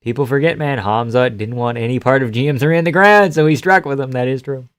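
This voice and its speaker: A man's voice: mid-range voice, fairly quick, no echo, clean studio sound. A young man from the Boston area chatting casually on a live stream, reading comments aloud, joking, swearing and laughing often. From Boston area, USA.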